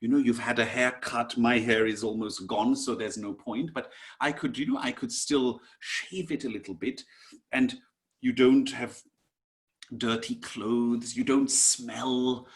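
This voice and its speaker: A man teaching an online class in a slow, gentle way, dropping to soft whispers at times and calling his listeners "my dears". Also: mid-range voice. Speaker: Sanskrit teacher.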